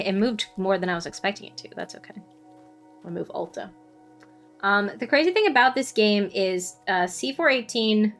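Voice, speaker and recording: A woman's voice: medium pitch, a bit bright. A woman game streamer chatting casually, giggly and trailing off as she plays.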